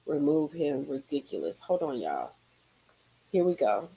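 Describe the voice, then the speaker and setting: Animated woman streaming from a car. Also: a little slow, gravelly, low-quality recording. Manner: animated, swings into high exclaims and drops to murmurs. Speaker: live stream host reading celebrity gossip and chat. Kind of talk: casual live-stream chat.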